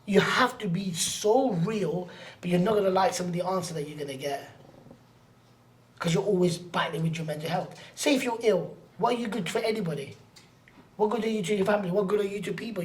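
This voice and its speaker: Animated man telling stories. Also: high voice. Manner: animated, acts out voices in anecdotes; blunt, streetwise slang. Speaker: podcast guest. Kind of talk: casual storytelling.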